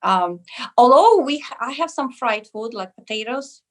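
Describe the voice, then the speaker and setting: A woman from Russia with a Russian accent, a wellness clinic pharmacist answering interview questions earnestly, often pausing on "uh" and "um". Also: fairly high pitch, animated, fairly bright tone. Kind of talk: casual interview.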